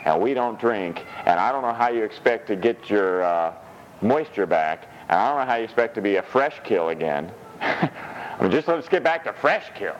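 A man preaching a sermon in a lively, humorous way, laughing often and slipping into high mock voices when he quotes scripture. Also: moderate pace, highs cut off, a little hiss or hum. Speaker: pastor.

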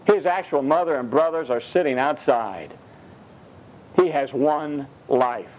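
A man's voice: mid-range voice, unhurried, a little mellow, muffled recording, a little hiss or hum. A man preaching a sermon, emphatic and blunt, with mocking asides.

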